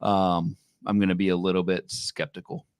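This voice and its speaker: A man co-hosting a fantasy baseball podcast, talking casually and animatedly with quick restarts. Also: low-pitched, level tone, clean tone, no echo, studio quality. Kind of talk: casual sports chat.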